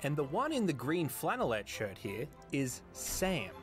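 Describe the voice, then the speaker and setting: A man narrates a video game as the dry, matter-of-fact sidekick to a mock detective. His pitch swings widely. Soft music plays underneath. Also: huge pitch swings, unhurried. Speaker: comedy co-host and narrator.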